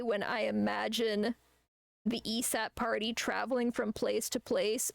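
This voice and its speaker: Gravelly young woman chatting while she draws. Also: a little high, no room sound. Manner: rambling, laughs often, swears casually. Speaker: streamer and artist. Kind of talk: casual chat while drawing on stream.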